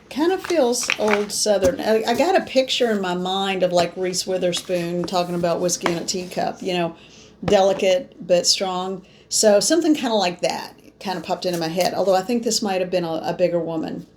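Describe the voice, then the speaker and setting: A woman's voice: lowish voice, noisy background. Woman giving a spoken card reading. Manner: musing, talks through her cards aloud. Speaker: psychic card reader. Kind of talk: spoken tarot reading to viewers.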